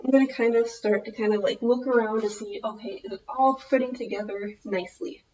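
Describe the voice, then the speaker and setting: A woman's voice: fairly high pitch, steady tone, brisk, a little mellow, muffled recording, slight background noise. Rambling woman with a Minnesotan accent. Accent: Minnesotan American. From United States. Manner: rambling, loses her thread, self-correcting. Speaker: vlogger. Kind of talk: casual tutorial chat.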